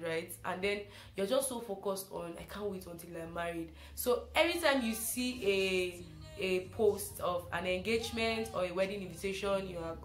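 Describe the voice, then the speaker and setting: A young woman from Africa hosting a casual spoken reflection, chatty and animated, repeating phrases for emphasis. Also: medium pitch, normal speed, reverberant, soft background music. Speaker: host.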